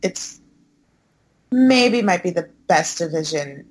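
A woman co-hosting a casual wrestling chat, giving her opinions in a measured, matter-of-fact way. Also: on the low side, animated, crowd noise.

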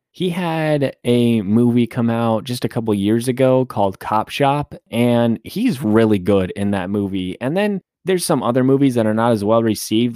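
A man hosts a solo movie review podcast, chatting casually and rambling while correcting himself. His voice is medium-pitched with a darkish tone, and the recording is dry with clean studio sound.

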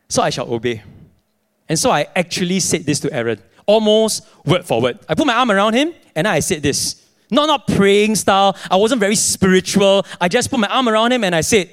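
A young adult male pastor, preaching a sermon in an animated storytelling way. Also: high voice, a little fast. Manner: animated storytelling, acting out his own dialogue.

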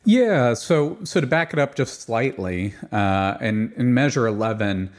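A man's voice: mid-range voice, expressive, a little slow. A man, a composer, explaining his choral writing in an interview, thoughtful and explanatory. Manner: demonstrates rhythms by chanting and singing them. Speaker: composer guest. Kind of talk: interview about choral music.

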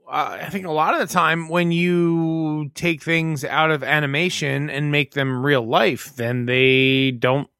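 A man co-hosting a casual podcast chat, who speaks in a halting, musing way with frequent restarts. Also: fairly high pitch, steady tone, gravelly, pushed and bright, clear, resonant tone, no echo, studio quality. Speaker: podcast co-host.

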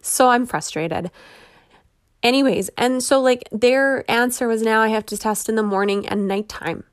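A woman's voice: on the high side, moderate pace, clean tone, no room sound, studio quality. A woman in her thirties hosting a podcast, talking candidly and chattily with frequent laughs, openly frustrated. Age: 30s. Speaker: podcast host. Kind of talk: personal podcast monologue.

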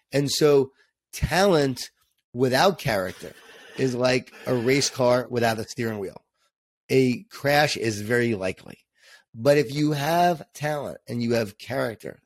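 An upbeat man speaking as a podcast guest, sharing lessons in an inspirational tone. His voice is mid-pitched and recorded dry, with no room echo. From Long Island, New York. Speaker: co-author and guest. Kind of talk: podcast interview answer.

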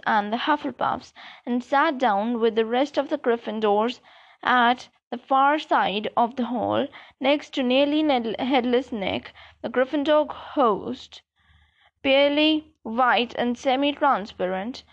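A woman reading a novel aloud slowly and carefully, with small slips and restarts. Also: a little high, dull audio. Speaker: reader. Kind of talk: amateur audiobook reading.

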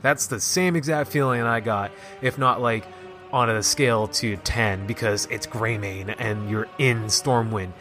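A man casually recapping a video game story, excited and rambling, with lots of "like" and restarts. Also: mid-range voice, unhurried, soft background music. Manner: excited, rambling, heavy use of "like". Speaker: gaming video host.

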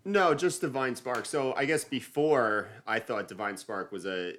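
A man's voice: mid-range voice, a little slow, fairly bright tone. A man interviewing a guest in a casual podcast conversation, self-deprecating and asking meandering questions.

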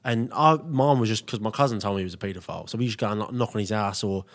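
A man's voice: on the low side, very fast. A young man chatting casually as a podcast co-host, laughing often and swearing freely.

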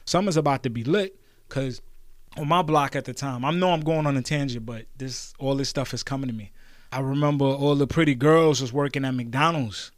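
A man's voice: mid-range voice, brisk, no echo, clean studio sound. A man in his thirties with a Brooklyn New York accent, hosting a podcast and telling rambling, profane stories in street slang. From New York City. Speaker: podcast host. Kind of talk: casual storytelling monologue.

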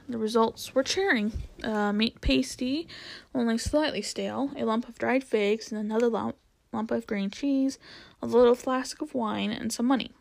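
A woman's voice: fairly high pitch, gravelly, rough recording. Woman reading a storybook aloud. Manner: steady reading with occasional restarts. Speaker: reader. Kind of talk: reading a children's novel aloud.

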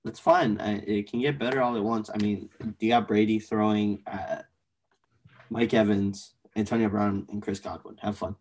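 A young man co-hosting a casual sports podcast, animated and blunt, swearing casually as he argues picks. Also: fairly low pitch, normal speed. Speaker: podcast co-host.

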